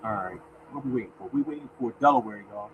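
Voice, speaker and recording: Speaking fast in a mid-range voice, a man runs a relaxed live lottery stream where he talks with viewers, welcomes them by name, and reads the winning numbers. While looking for things, he mutters softly under his breath. The recording sounds muffled, with a bit of hiss or hum.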